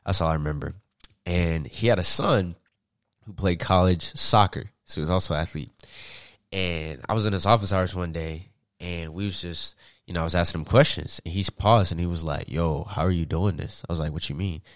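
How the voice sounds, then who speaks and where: A young man from Atlanta, a podcast guest, telling stories in a casual, slangy, animated way and laughing often. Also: low-pitched, a little fast, dry recording, clean studio sound. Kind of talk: casual storytelling.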